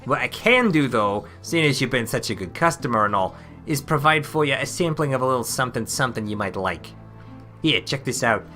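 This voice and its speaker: A man voicing a slick, chummy traveling merchant who talks fast and salesy in a video game. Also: medium pitch, lively intonation, sharp tone, faint music behind.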